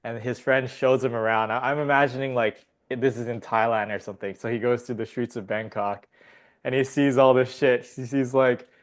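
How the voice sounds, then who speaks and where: Male podcast guest, rambling, laughing, swearing, casual chat, mid pitch. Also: steady tone, normal speed.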